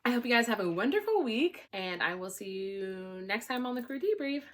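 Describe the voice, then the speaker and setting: A young adult woman, a flight attendant, telling a work story in a casual vlog, animated and exasperated, with sudden loud bursts of disbelief. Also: a little high, moderate pace, slight background noise.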